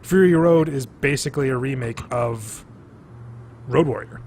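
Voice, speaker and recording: A man talks animatedly on a casual podcast recorded over drinks. He swears freely, piles on fillers and keeps a middling pitch. Faint noise sits under his voice. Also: moderate pace, a little mellow. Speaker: podcast co-host.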